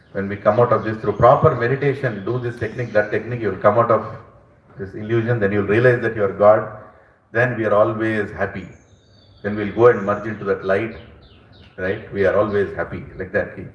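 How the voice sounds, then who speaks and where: A man, teaching scripture with emphatic, animated storytelling. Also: fairly low pitch, highs cut off. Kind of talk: lecture with storytelling. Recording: roomy, distant mic.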